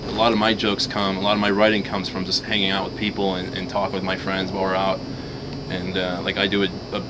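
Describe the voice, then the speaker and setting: A man's voice: deep voice, monotone, quick pace, very noisy. A male comedian in an interview, giving earnest, rambling advice.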